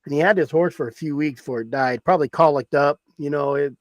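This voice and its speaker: Rambling man from Arizona, slightly high. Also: quick pace, no echo. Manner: rambling, repeats himself for emphasis. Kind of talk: casual storytelling chat.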